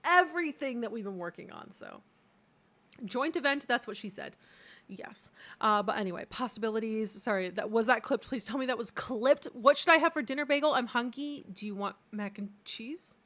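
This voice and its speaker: Young woman stream host, high-pitched, crude and excitable. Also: normal speed. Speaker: livestream host. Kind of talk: casual live-stream chat.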